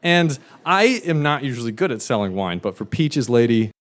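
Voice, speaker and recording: Man, live comic storyteller, animated, wry, mid-range voice. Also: mid-range voice, normal speed, noisy background.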